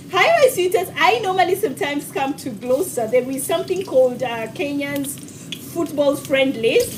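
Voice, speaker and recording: Chatty high-voiced woman hosting a cooking stream. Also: far from the mic, a little hiss or hum, rough recording. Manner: chatty and affectionate, calls viewers sweetheart. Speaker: cooking show host. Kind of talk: live-stream cooking demo, reading viewer comments. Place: home kitchen.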